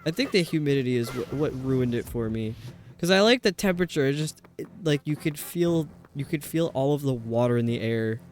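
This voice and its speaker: A man's voice: mid-range voice, expressive, brisk. A male streamer chatting casually and rambling while he plays, answering his chat.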